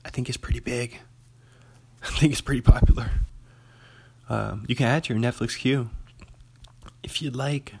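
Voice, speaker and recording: Casting: male host, gravelly fry in the voice, joking and self-mocking, relaxed solo chat and reading aloud. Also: mid-range voice, moderate pace, long pauses.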